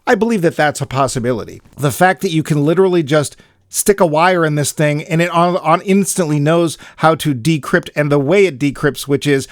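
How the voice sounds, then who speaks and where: A man's voice: a little high, a little fast, dry recording, studio quality. A man co-hosting a movie podcast, chatting casually and sarcastically about a film's plot. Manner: sarcastic, animated storytelling. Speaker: podcast co-host. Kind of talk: casual movie review chat.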